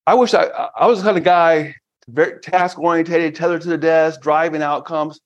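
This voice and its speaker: A man in his fifties, a guest on a business podcast, talking casually and with energy, often breaking into excited quoted asides. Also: fairly high pitch, normal speed. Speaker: podcast guest, finance firm founder. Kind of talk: casual interview talk. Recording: slightly dull lo-fi audio.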